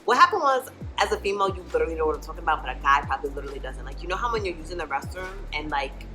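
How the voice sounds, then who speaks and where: Young woman, low-ish voice, candid chatty storyteller, clear music bed underneath. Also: expressive, rapid-fire, sharp tone, low-quality recording. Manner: chatty and candid, swears freely, fills with "like". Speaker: vlogger. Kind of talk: casual storytime monologue. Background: background music.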